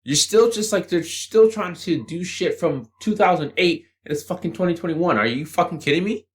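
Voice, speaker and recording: A man's voice: high-pitched, moderate pace. A man giving a blunt, combative motivational rant to the camera, swearing freely as he lectures the viewer. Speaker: channel host.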